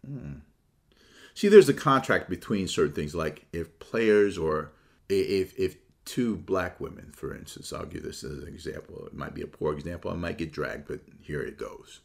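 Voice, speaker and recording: Deep-voiced man riffing on basketball. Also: moderate pace, gravelly. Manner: casual, animated, jumps to high mocking voices for quotes. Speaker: sports commentator. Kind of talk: solo sports opinion monologue.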